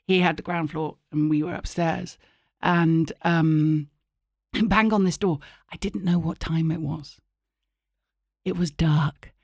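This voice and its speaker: A woman who is an actor and writer appears as a guest in an interview, telling an anecdote animatedly and acting out the voices. Her voice sits low and she speaks slowly. The recording is dry and studio quality.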